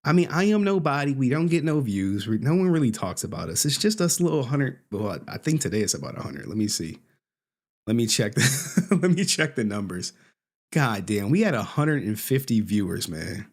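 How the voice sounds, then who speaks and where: A male livestream host with a mid-pitched voice that swings widely in pitch as he jokes. He laughs between phrases and swears offhandedly, talking loosely to his viewers. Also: sing-song, normal speed. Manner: laughs often, jokey, swears casually. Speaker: streamer host. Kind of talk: casual livestream commentary.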